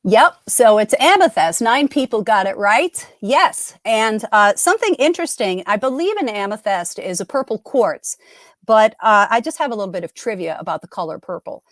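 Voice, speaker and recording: An animated middle-aged woman with a mid-range voice hosts a live trivia game at normal speed, chatting upbeat and casually while breaking off mid-sentence. The audio is studio quality without echo.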